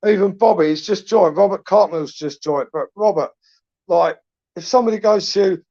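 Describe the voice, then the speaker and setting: Man, young adult, livestream host, crude laddish banter, slightly high voice, muffled lo-fi audio. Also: fairly quick, dark tone, dry recording. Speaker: livestream host reading chat. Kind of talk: late-night live chat.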